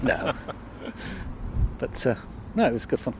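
A middle-aged man, a vintage bus owner, answering questions in a relaxed way with chuckles. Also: medium pitch, unhurried.

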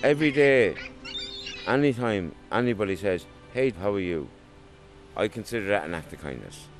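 A man's voice: fairly low pitch, expressive, moderate pace, music in the background. A man in a street interview, speaking earnestly and colloquially.

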